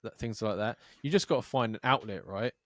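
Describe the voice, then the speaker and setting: A man's voice: fairly low pitch, a little fast, a bit bright, no room sound, studio quality. Sweary man telling rambling stories. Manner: sweary, rambling storytelling with acted-out quotes. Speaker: podcast co-host. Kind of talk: casual chat.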